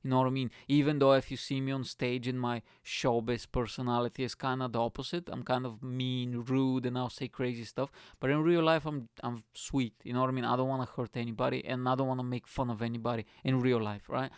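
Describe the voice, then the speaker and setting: A young man, a comedian hosting his own podcast, telling a story in a rambling, swearing way and acting out his friends' lines in higher voices. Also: level tone, a little fast, hardly any pauses, smooth, no room sound, clean studio sound. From not from the UK, moved there at 21. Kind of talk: casual storytelling monologue.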